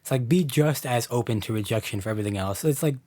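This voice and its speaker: A man's voice: mid-range voice, fast, warm tone, no echo. A man talking as a guest artist in a casual podcast chat, upbeat and encouraging, often repeating phrases.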